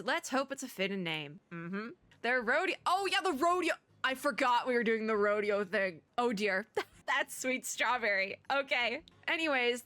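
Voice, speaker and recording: Bright-voiced chatty woman gamer. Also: on the high side. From Michigan. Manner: chatty, laughs often, wanders into stories. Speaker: gaming content creator. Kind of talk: reading a game story aloud with commentary.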